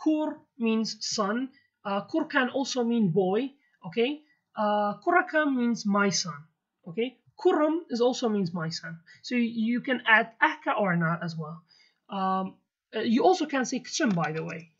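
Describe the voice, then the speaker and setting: A woman's voice: fairly high pitch, lively intonation, a little slow. Kurdish-accented woman teaching vocabulary. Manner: explains word by word, repeats terms, many fillers and okays. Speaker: language teacher. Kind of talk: explaining vocabulary in a video lesson. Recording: dull lo-fi audio.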